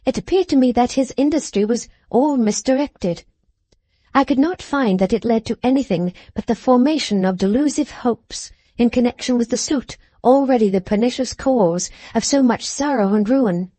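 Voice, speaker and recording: A woman narrating a classic novel as an audiobook, in a measured, composed storytelling manner. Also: a little high, warm tone, dry recording.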